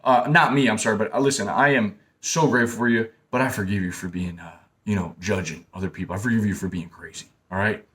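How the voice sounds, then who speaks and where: A man's voice: on the low side, steady tone, fast talker, few pauses, fairly bright tone. A young man giving casual, blunt advice straight to his listeners. He repeats himself and keeps calling them man and bro. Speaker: self-help talker. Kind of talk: casual direct-to-camera advice talk.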